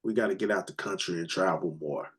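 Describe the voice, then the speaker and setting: A man's voice: low voice, quick pace, husky. An American man, a hip hop producer, chatting casually as a guest, laid-back, swearing freely and stumbling over restarts. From United States. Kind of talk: casual interview chat. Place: lives abroad, remote call.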